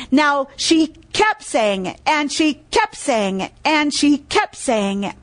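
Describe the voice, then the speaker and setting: A woman preaching a sermon in a high, bright-sounding voice. She drives her points home by repeating key phrases. She stops to quiz her listeners before going on with the reading. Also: big pitch swings, takes it slowly, few pauses. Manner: tells stories and reads scripture aloud.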